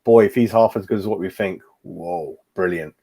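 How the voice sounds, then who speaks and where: Man, forties, mellow tone, casual fan chat, calls everyone mate, webcam-style mic. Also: sits low, moderate pace, husky. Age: 40s. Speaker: fan channel host. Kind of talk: casual live-stream chat.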